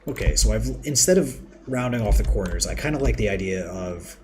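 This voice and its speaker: A man's voice: lowish voice, expressive, a little fast, background noise. A man hosting a live game stream, chatting casually and rambling as he builds and reads out viewer messages. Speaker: livestream host. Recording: audible keyboard typing and clicks.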